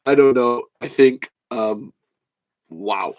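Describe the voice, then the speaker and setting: A man's voice: mid-range voice, expressive, a little slow, a little mellow, low-quality recording. Male podcast host, casual, rambling, salty language. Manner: rambling, profane. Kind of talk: casual chat.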